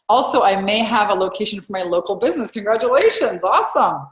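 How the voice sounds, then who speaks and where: An energetic woman coach talks a live group through their wins, gushing, with sudden excited leaps in her voice. Her mid-range pitch rings in a roomy, echoing space. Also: quick pace. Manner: upbeat and effusive, with big excited jumps in pitch. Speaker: business coach hosting a group call.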